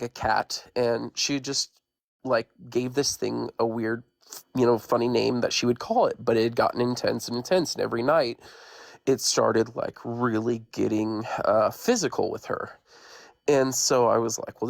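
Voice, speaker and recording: A man's voice: medium pitch, creaky, no room sound, studio quality. A man, a guest on a live stream, casually retelling a ghost story in a rambling, conversational way.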